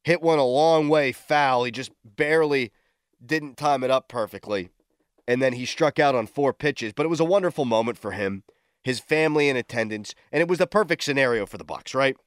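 A man hosting a morning sports talk radio show, excitable and quick to shout in disbelief. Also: mid-range voice, clear, resonant tone, dry recording, studio quality.

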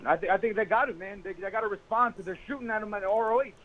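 An excited male fan calls in over a thin, tinny phone line. He talks fast in a high voice. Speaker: caller. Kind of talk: call-in radio chat.

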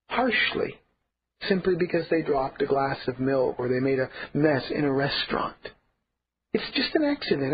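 A man's voice: high-pitched, dull audio, slight background noise. A man preaching a sermon as pastor, earnest and emphatic, repeating key points.

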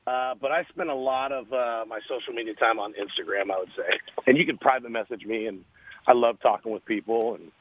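A man, a radio interview guest, telling a story in an earnest, animated way over a phone line. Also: medium pitch, brisk, breathy edge.

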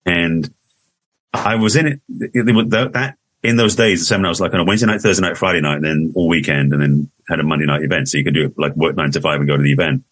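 A man in his sixties with an English accent speaks quickly in a deep, slightly husky voice. He rambles and restarts his sentences in easy conversation. The recording is dry and close. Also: fairly bright tone, no room sound. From England. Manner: rambling, restarts often, laughs easily. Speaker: guest. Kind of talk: casual interview conversation.

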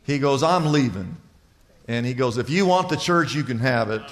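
A man preaching a sermon as pastor, telling a story with lively delivery and acting out the people he quotes. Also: mid-range voice, moderate pace, in a large hall. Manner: animated storytelling, voicing other people in anecdotes.

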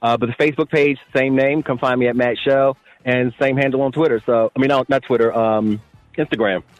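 A man's voice: mid-range voice, fairly even intonation, no room sound, highs cut off. Easygoing male radio guest. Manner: easygoing, spells things out slowly. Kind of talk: casual radio chat.

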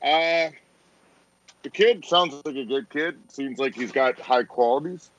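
A man's voice: mid-range voice, unhurried, fairly bright tone. A man calling into a sports talk radio show from his home by phone, blunt and teasing. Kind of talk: casual sports radio chat. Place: upstairs room at home. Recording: muffled phone line.

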